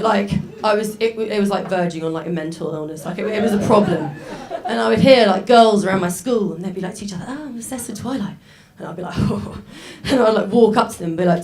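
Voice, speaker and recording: Young woman comic, rambling, self-mocking stand-up delivery. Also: medium pitch. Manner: chatty, self-mocking, with many fillers. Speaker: stand-up comedian. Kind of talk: stand-up set. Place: stage before a live audience.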